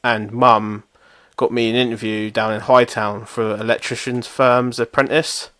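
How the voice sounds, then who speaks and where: A man's voice: medium pitch, little pitch movement, moderate pace, fairly bright tone, dry recording. Young male co-host, sweary self-mocking storyteller, close dry mic. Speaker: podcast co-host. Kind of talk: casual chat.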